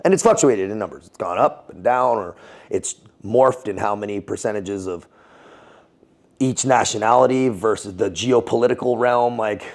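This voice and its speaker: A man with a lowish voice speaks at a normal pace as a guest in a casual interview. A former Navy SEAL and Foreign Legionnaire, he tells a story full of slang and swearing, laughing often.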